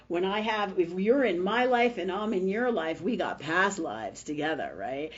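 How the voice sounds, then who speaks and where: A woman in her fifties, feeling unwell, hosting a spiritual livestream in a blunt, profane, emphatic way, often asking "right?". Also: on the low side. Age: 50s. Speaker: spiritual talk host. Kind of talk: casual livestream talk. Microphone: webcam or phone mic. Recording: dull, slightly lo-fi livestream audio.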